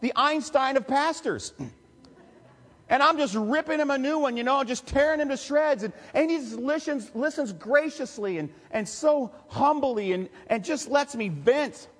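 A man, a pastor telling a personal story in a sermon with emotional, confessional warmth. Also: very high voice, animated, moderate pace. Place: church sanctuary. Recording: long reverb of a church hall.

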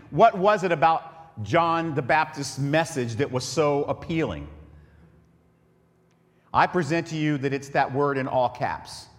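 A man's voice: fairly high pitch, animated, measured pace, long reverb tail. A man preaching a sermon as pastor, joking and conversational with his congregation.

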